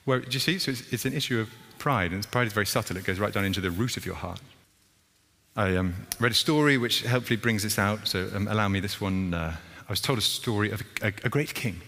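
Low-voiced male pastor preaching. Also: fast talker, pushed and bright, long reverb tail. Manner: conversational, repetitive rhythmic phrasing. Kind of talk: sermon. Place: church.

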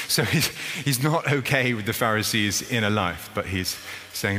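A bright-voiced man preaches in a church, his words ringing back off the hall around him. He talks in an animated, playful way. A faint hiss sits under the sound. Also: on the low side, moderate pace, few pauses. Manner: animated, playful, dashes about acting out a story. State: out of breath. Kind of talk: lively sermon with acted demonstration. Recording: echoey hall with faint noise.

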